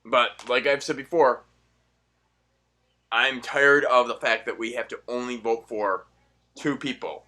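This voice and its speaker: A young man ranting in a profane, sarcastic monologue, swinging between loud outbursts and muttered asides. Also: medium pitch, steady tone, a little slow, pauses often. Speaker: political commentary vlogger.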